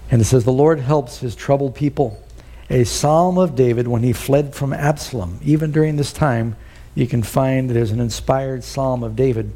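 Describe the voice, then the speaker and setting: Male preacher, mellow tone, earnest storyteller who puts questions to the listeners. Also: medium pitch, moderate pace. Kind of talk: sermon.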